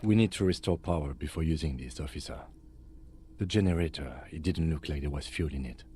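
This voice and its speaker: A calm, very deep-voiced police partner. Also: male voice, slightly rough. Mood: practical. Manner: measured, matter-of-fact, precise.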